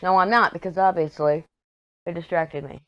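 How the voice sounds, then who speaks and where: A woman's voice: lowish voice, fairly even intonation, moderate pace, no room sound, muffled recording. A woman from Texas, chatting casually in a rambling, storytelling way while she works on a craft for her vlog. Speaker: craft vlogger. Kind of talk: casual chat while diamond painting.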